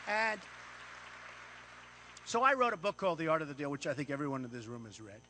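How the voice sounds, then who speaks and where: High-pitched boastful American man speaking. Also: sing-song, a little fast, pushed and bright, a little hiss or hum. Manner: boastful, repetitive, punchy phrases. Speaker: paid speaker. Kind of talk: off-the-cuff speech to a live room. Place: event room with an audience.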